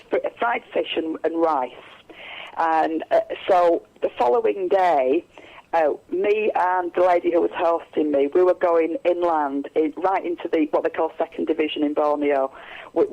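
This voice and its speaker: A woman's voice: low voice, normal speed, a little mellow, muffled recording. A woman, a psychic medium, telling stories in a radio interview, rambling with many restarts and fillers.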